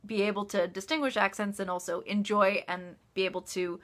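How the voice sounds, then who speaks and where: Woman author, casual live-stream Q&A, bright tone, bubbly with lots of laughs and ums. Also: medium pitch, fairly even intonation, fairly quick. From United States. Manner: chatty, laughs often, many ums and restarts. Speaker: author answering live chat questions. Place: office.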